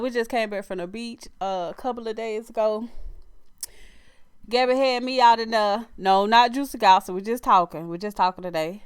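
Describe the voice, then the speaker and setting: A middle-aged woman with a Louisiana accent hosts a relaxed live stream and chats easily with her viewers. She laughs often and calls them "y'all" and "child." Her voice sits a bit high and sounds smooth and clear. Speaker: livestream host.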